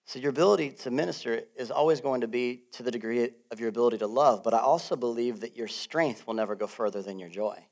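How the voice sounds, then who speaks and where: A middle-aged man preaching a sermon as pastor, animated and laughing often, swinging between loud bursts and soft asides. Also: medium pitch, quick pace, few pauses.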